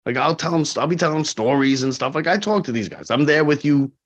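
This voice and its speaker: A man in his forties, a corrections officer, telling stories in a casual interview, animated and full of fillers. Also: a little high, quick pace. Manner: animated, acts out quoted people, frequent fillers. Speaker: corrections officer, podcast guest. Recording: dull lo-fi podcast audio.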